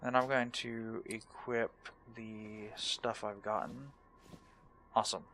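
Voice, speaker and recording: A young man hosting a relaxed let's play, talking in a laid-back, rambling and self-mocking way. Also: fairly low pitch, slow, slight background noise. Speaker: gaming channel host.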